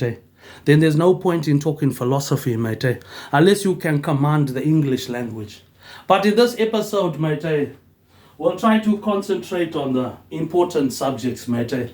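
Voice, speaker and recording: A man, giving a rambling monologue and tagging almost every phrase with "mate, eh", which he says more softly. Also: mid-range voice. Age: 40s. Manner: tags nearly every phrase with "mate, eh", trailing off softer. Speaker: vlogger.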